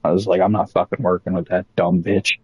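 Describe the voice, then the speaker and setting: A young man casually telling a rambling, profane story about old jobs, animated as he quotes people. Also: sits low, fairly quick, husky, dry recording, highs cut off.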